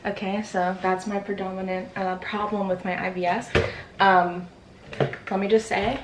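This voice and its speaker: A woman's voice: mid-range voice, flat delivery, normal speed, background noise. A young woman in her twenties chatting casually in a vlog, rambling with lots of fillers, out of breath after a workout. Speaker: vlogger. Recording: echoey room.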